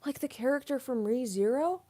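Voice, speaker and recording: A woman's voice: sits high, animated, brisk, dark tone. A young woman, a voice actress, chatting casually on a live stream, giggling often and cooing at her cat.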